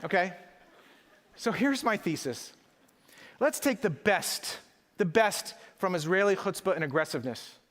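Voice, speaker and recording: A man's voice: high-pitched, very animated, moderate pace, a bit bright. A middle-aged man giving a live keynote speech at a conference, rhetorical and emphatic, working the audience. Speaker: conference speaker. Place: large conference hall. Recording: echoey conference hall.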